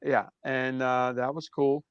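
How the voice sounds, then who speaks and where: A man in his sixties from Brooklyn with a New York accent, telling stories as an interview guest in a relaxed way that trails off softly. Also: medium pitch, measured pace, smooth, dry recording, lo-fi sound. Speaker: drummer guest. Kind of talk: casual interview storytelling.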